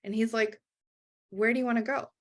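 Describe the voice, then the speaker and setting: A woman's voice: on the high side, a little fast. A woman guest telling a personal story in a casual interview, acting out the voices of the people in it. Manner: animated, acts out quoted dialogue.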